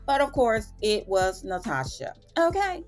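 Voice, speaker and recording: A woman with a fairly low-pitched voice hosts her own channel, chatting through a television recap. She retells scenes with relish and drops slangy asides along the way. Soft music sits faintly underneath. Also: moderate pace. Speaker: TV and film review channel host. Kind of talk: casual episode recap.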